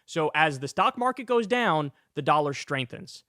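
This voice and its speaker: A man's voice: a little high, big pitch swings, normal speed, sharp tone, no echo. A man delivering urgent, profane political commentary as the host of his show, speaking emphatically into a close mic.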